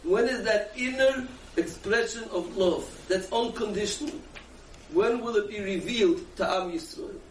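High-voiced rabbi lecturing in an echoey room. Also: male voice, moderate pace. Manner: asks rhetorical questions and answers them himself, repeating for emphasis. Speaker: rabbi giving a Torah lecture. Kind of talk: animated Torah lecture. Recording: echoey room from a distance with faint background noise.

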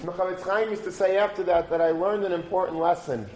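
Man, storytelling sermon, animated exhortation, echoey room, faint background noise. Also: high voice, quick pace. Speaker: preacher. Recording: roomy recording with faint background.

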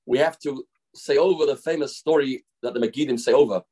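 A man's voice: medium pitch, brisk, dark tone, breathy edge. A man giving a daily Torah lesson as a rabbi, explaining through stories and acted-out quotes. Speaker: rabbi teaching a daily class.

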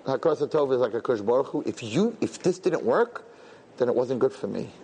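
A man gives a religious lesson in a chatty, storytelling manner, slipping into other people's voices as he recounts events. His voice sits at an ordinary middle pitch, with a faint hiss in the background. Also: brisk. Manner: animated storytelling, conversational, acts out dialogue. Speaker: religious teacher. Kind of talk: Torah lesson with personal stories.

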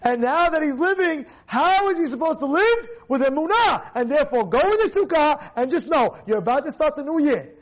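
A man, a rabbi, giving a Torah class, animated, firing rhetorical questions and repeating phrases for emphasis. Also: very high voice, a little fast, few pauses.

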